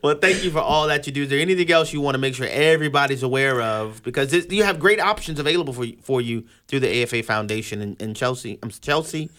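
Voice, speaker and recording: A man's voice: mid-range voice, fast, hardly any pauses, pushed and bright, no room sound. Male radio host, casual rambling delivery with frequent restarts. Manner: joking, rambling, repeats words.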